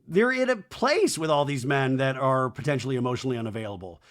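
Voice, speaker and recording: A man's voice: mid-range voice, expressive, fast talker, fairly bright tone. A man hosting a podcast, recapping a reality show in a chatty, sarcastic way and swearing freely. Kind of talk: casual recap with acted quotes.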